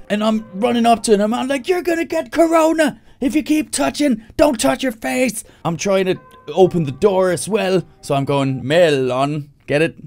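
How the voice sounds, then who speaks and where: A man from Denmark telling a stand-up story live, animated, jumping into loud high yelling voices for the people he quotes. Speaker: stand-up comedian. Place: indoors, livestream.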